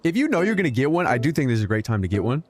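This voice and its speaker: Lively joking male game streamer. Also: mid-range voice, rapid-fire. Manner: animated, joking, swears freely. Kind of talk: casual gameplay commentary. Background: game music.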